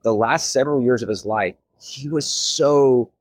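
Measured man interviewer. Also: medium pitch, no echo.

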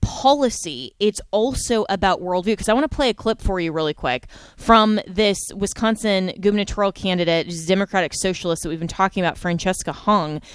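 A woman's voice: medium pitch, a little fast, clean tone, no room sound. A woman hosting a talk show, speaking in an emphatic, indignant way. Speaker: host.

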